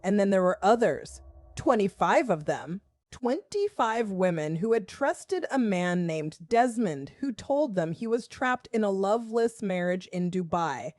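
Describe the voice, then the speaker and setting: A woman in her forties from the Southern US, a school principal telling her own story in measured, wry, confessional first-person narration. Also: medium pitch, lively intonation, a little mellow, no echo.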